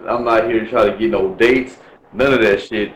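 A man's voice: fairly low pitch, steady tone, normal speed, roomy sound, low-quality recording. A man from Milwaukee talking bluntly and profanely in a casual chat, ranting with lots of swearing. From Milwaukee, USA.

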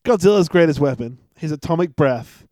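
A man's voice: on the high side, expressive, fairly quick, warm tone, a little hiss or hum. A young man co-hosting a podcast, joking and swearing with mock outrage. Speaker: podcast co-host. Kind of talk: casual banter.

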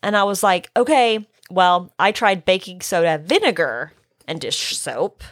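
A middle-aged woman with a hoarse, somewhat low voice tells a chaotic story to a friend. She slips into quoting herself with plenty of swearing. The sound is close and dry. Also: measured pace, no room sound. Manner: animated, acts out her own quotes, swears. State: hoarse, recovering from illness. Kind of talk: casual storytelling chat.

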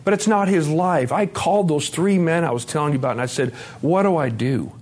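A man's voice: fairly high pitch, lively intonation, fast, a little mellow. A middle-aged man from Montana giving a candid personal testimony at a recovery conference, blunt and profane, acting out the dialogue as he tells it. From Montana, USA.

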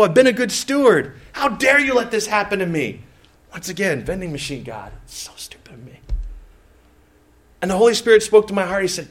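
A man with a fairly high voice preaches a sermon in a candid, storytelling way. He pokes fun at himself, acts out his own grumbling, and breaks off to speak directly to the people in front of him. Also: fairly bright tone. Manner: candid, self-mocking storytelling with acted-out quotes; talks directly to the congregation with asides. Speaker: pastor.

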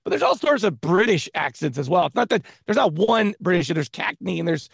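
Brief: male co-host, high and gravelly, rapid teasing banter. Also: big pitch swings, no room sound, studio quality. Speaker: podcast co-host. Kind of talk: casual podcast chat.

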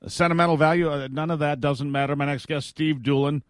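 A man hosts a political call-in style radio show, talking in an opinionated, chatty way. His voice sits a little high, and the studio sound is dry and close. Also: steady tone, quick pace, no room sound. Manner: opinionated, chatty, laughs easily. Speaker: radio talk show host. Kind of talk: casual political talk radio.

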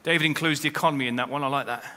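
A man's voice: a little high, steady tone, racing, sharp tone. A man preaching a sermon as pastor, with rising emphasis as he quotes scripture. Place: church. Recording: long hall reverb.

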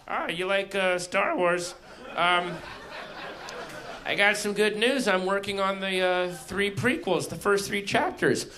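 A comedian playing a middle-aged male filmmaker who talks slowly and haltingly, full of "uh"s. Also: high voice, bright, forceful tone, pitched above the performer's own voice. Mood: hesitant. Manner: slow, halting, many "uh"s.

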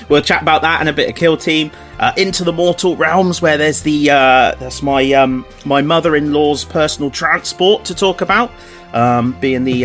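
A man's voice: a little high, animated, unhurried, fairly bright tone, faint music behind. A man co-hosting a hobby podcast, chatty and teasing in casual conversation. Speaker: podcast co-host. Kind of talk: casual chat.

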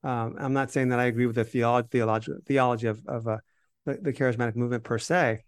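A man's voice: mid-range voice, steady tone, quick pace, smooth. A man co-hosting a Bible podcast, explaining scripture in conversation and reading verses with emphasis.

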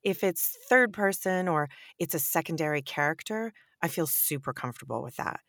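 A woman with a notably low voice, answering as an audiobook narrator. She talks with animated emphasis and laughs easily. The sound is very dry and close. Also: moderate pace, no echo. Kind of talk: podcast interview answers.

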